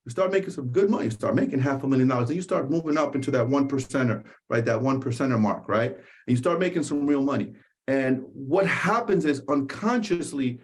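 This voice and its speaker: A man from the Dominican Republic, a podcast guest telling a story in an emphatic, conversational way and repeating phrases for stress. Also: mid-range voice.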